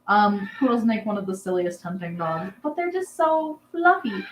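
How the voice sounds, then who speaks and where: A chatty young woman hosts a relaxed livestream and rambles from one story to the next, filling the gaps with "um"s. Her voice sits at a mid pitch. It carries a noticeable room echo over a faint background hum. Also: normal speed. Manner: rambling, chatty, lots of "um"s, laughs with the chat. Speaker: livestream host chatting with viewers. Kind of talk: casual live chat.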